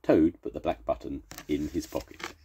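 An older man, a grandfather, reading a children's storybook aloud, slow and expressive. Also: a bass voice, a little hiss or hum. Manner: slow, expressive read-aloud with warm sign-offs.

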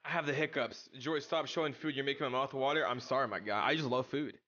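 A young man streaming a video game, chatting casually with his chat in an excitable, slangy way. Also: medium pitch, quick pace, muffled recording. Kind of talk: casual live-stream chat while gaming.

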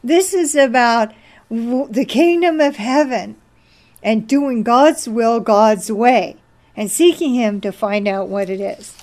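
A woman preaches informally, her voice a little high, slow and somewhat dark. Her talk weaves in a story from a movie as she exhorts the audience.

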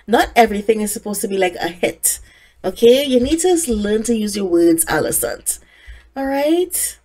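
A young woman talks over her life-sim gameplay in a casual, excitable way, scolding the characters and laughing often. Her voice sits a little high and swoops all over the place. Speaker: gaming content creator. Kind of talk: casual let's-play commentary.

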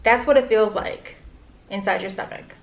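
A woman's voice: medium pitch, normal speed, gravelly. A young pregnant woman vlogging casually, rambling candidly with lots of "like". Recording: echoey room.

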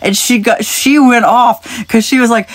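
A woman's voice: on the high side, steady tone, measured pace, no room sound. Chatty woman giving a spiritual reading. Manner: chatty and rambling, with frequent light laughs; speaks directly to the viewer, wandering off into tangents. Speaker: spiritual message reader. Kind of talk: casual spiritual reading to camera.

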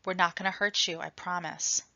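A woman voices a jumpy younger teenage boy with a gun, nervous and quick to panic, his voice pitched up and pushed. The tone is bright, and the recording is dull and dry. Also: fairly even intonation, gravelly, dry recording, exaggerated voice. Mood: jittery.

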